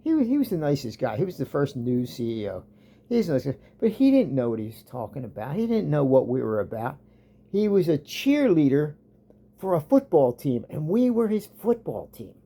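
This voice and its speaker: A man's voice: a little high, sing-song, moderate pace, dark tone, breathy edge. A man vlogging a rambling, sarcastic rant about an old job, often trailing off.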